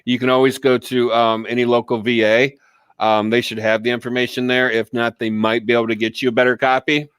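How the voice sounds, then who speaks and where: A man's voice: mid-range voice, flat delivery, a little fast, a bit bright, smooth, no echo. A man co-hosting a casual talk show, telling stories in a rambling, profane way with many false starts. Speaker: co-host. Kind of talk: casual chat.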